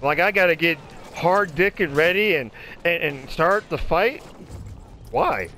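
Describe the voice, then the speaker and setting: A man telling profane, animated stories in casual chat while playing a video game. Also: fairly high pitch, a little slow, a little hiss or hum. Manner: profane, animated storytelling, acts out other people's voices. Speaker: gamer chatting while playing. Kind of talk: casual chat over gameplay.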